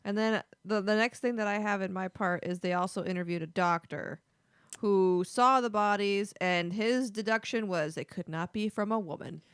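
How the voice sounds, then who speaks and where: Brief: female podcast co-host, clear smooth voice, dry close mic, hesitant chatty delivery. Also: mid-range voice, normal speed, dry recording. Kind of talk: casual book discussion.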